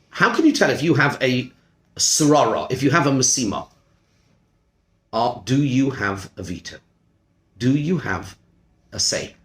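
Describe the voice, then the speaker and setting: A man teaching a Torah class as a rabbi, animated and full of rhetorical questions. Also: fairly high pitch, echoey room. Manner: animated, uses Hebrew terms, asks rhetorical questions. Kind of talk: lively Torah lesson.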